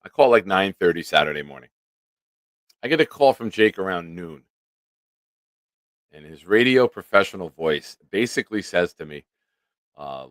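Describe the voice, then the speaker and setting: A man's voice: fairly low pitch, lively intonation, normal speed, a bit bright, dry recording, studio quality. A man hosting a sports livestream who chats loosely, swears freely, and reads out viewer comments. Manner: loose and profane, laughs easily. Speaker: livestream sports show host. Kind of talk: casual live-stream chat, reading viewer comments.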